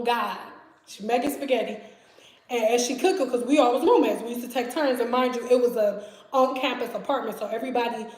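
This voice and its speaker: A young woman with a Detroit accent telling a story in casual, animated chat at home, laughing often. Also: on the high side, echoey room. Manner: chatty, animated, laughs often, acts out voices. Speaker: vlogger. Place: home kitchen.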